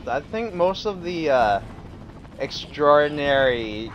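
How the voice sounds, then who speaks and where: A sleep-deprived man giving excitable let's play commentary, prone to sudden exclamations. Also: fairly high pitch, slow, dull audio. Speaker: gameplay commentator.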